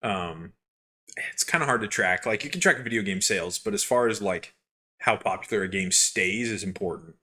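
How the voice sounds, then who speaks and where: A young man co-hosting a podcast who tells gaming stories in a rambling, animated way with lots of fillers. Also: fairly low pitch, normal speed. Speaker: podcast co-host. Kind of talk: casual chat, storytelling.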